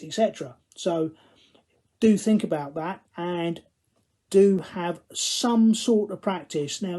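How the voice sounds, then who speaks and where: A man's voice: on the high side, warm tone. A male running coach giving instructional advice to camera, glancing at his notes, with dry self-deprecating humour.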